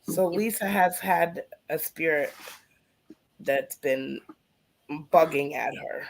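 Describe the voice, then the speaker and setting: A woman's voice: low voice, takes it slowly, a little hiss or hum. A woman co-hosting a live stream of readings, reading out viewer comments in a plain way. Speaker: co-host.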